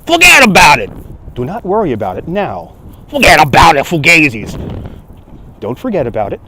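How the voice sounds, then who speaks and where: A man's voice: a little high, wildly swooping pitch, normal speed, sharp tone, slight background noise, heavily acted, rough recording. Guy doing a new wiseguy, waving it all off, punchy. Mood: dismissive. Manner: dismissive, emphatic. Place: outdoors on city streets. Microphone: phone on handheld gimbal.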